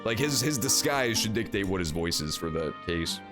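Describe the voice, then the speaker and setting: A man streaming a game, giving casual commentary in an animated, profane, joking way. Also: on the low side, brisk. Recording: game music behind the voice.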